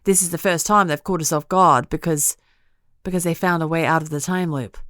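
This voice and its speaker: A woman's voice: low voice, steady tone, fairly quick, fairly bright tone, no room sound, clean studio sound. A woman voicing a brash, casual young witch fighter with an Australian accent in an audiobook. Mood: breezy. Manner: breezy, offhand and teasing. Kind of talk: audiobook character voice.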